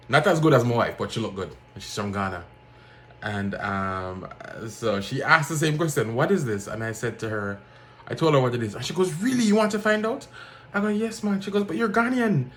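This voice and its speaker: Low-pitched man, casual storytelling, animated, faint background hiss. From Jamaica. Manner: animated, acts out other people's lines in a raised voice. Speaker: vlogger.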